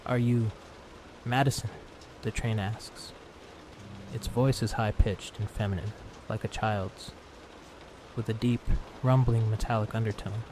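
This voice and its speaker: Brief: hushed male storyteller reading a scary tale for sleep, low register, rain pattering behind. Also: noisy background. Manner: calm, slow, hushed. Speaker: narrator. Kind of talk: calm sleep story narration. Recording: steady rain sound behind.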